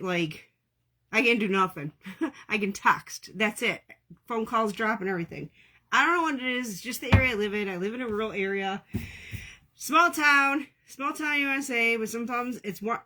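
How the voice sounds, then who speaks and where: A woman's voice: fairly high pitch, normal speed, bright, forceful tone. A woman, chatting casually with viewers as she hosts a crafting livestream from home, laughing often.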